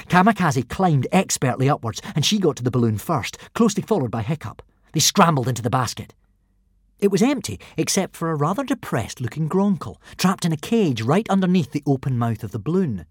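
A man narrating a children's adventure storybook in an expressive, animated reading style. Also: fairly high pitch, brisk, slightly rough, dry recording, studio quality. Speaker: audiobook narrator.

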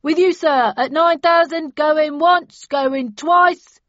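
A woman's voice: sits high, fairly bright tone, no room sound, voice pushed up. A woman putting on a smug, hard-nosed male auctioneer in a storybook reading. He speaks coldly and mockingly, drawing his words out. The recording is dry and a little dull. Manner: cold, mocking, drawn-out.

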